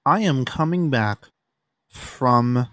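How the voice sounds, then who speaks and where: A man's voice: medium pitch, expressive, slow pace, a bit bright, no room sound. Young man venting on a podcast. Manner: exasperated storytelling, swears freely. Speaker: podcast host. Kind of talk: casual solo podcast rant. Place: room at home.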